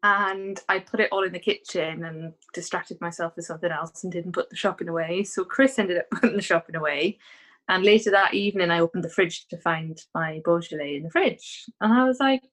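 A woman's voice: lowish voice, brisk, fairly bright tone. A woman from Britain co-hosting a casual chat, wry and teasing as she tells a story. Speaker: podcast co-host.

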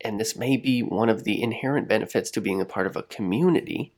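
A man co-hosting a podcast, talking in a reflective, rambling way with frequent restarts and soft laughs. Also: on the low side, fast talker. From United States. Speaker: podcast co-host. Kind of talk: reflective casual chat.

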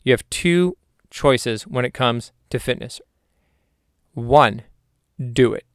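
A man's voice: mid-range voice, slow, clean tone, no echo, clean studio sound. A man hosting a solo podcast in a casual, jokey, rambling way. He is also a hypnotherapist and sometimes talks to himself.

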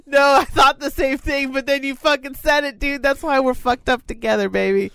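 A woman co-hosting a casual podcast, crude and giggly, reading out a list in a flat drawl between bursts of banter. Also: sits high, normal speed, gravelly, a crowd in the background. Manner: crude, giggly, reads lists flatly. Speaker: podcast co-host.

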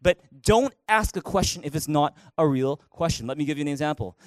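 A middle-aged male pastor preaching a sermon in a church, animated, acting out angry quotes with sudden loud outbursts. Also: a little high, a little fast, no room sound. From Canada. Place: church auditorium.

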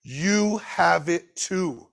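A man preaching a sermon, swinging between loud emphatic bursts and quiet, slowed asides, and putting questions straight to his listeners. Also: high-pitched, animated, vocal fry. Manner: talks directly to the listeners with questions.

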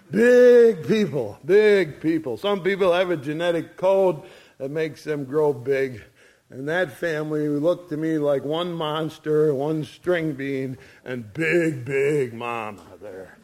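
A man's voice: fairly high pitch, a little mellow. A man preaching a sermon in a folksy storytelling way, chuckling as he goes. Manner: folksy, chuckles through his stories.

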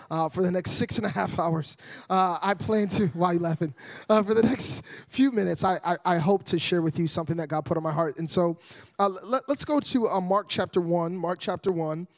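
A young male evangelist with a noticeably high voice delivers an energetic sermon. He jokes easily with the congregation, then climbs into loud, driving preaching.

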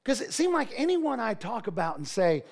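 High-voiced pastor preaching. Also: male voice, moderate pace, gravelly. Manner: animated preaching with asides and laughter. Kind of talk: sermon.

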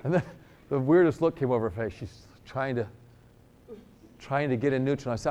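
A man's voice: medium pitch, fairly quick, pauses often. A middle-aged man from New York preaching a sermon, telling a healing story with jokes and acting out both sides of the dialogue. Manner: animated, joking, acts out dialogue.

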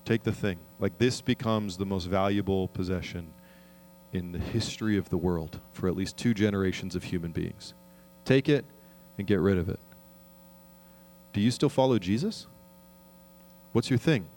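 A man preaching a sermon as pastor, earnest and conversational, often asking the congregation questions and slowing down to read scripture. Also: sits low, a little mellow, a little hiss or hum.

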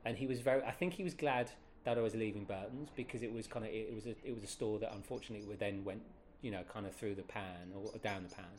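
A man's voice: lowish voice, fast talker, few pauses, slight background noise. A man in his fifties, a guest telling a long personal story in a casual, rambling way, correcting himself as he goes. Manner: animated, rambling, many self-corrections.

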